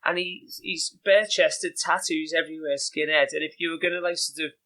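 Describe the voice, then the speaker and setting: A man with a Liverpool Scouse accent, a podcast guest telling animated, chatty stories with lots of "you know" and "like". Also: a little high, brisk, low-quality recording. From England. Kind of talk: casual anecdotal storytelling.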